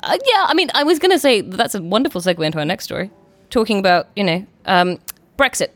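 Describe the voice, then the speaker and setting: A woman hosting a casual panel discussion, quick and animated, often repeating words as she starts a thought. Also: medium pitch. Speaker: podcast host.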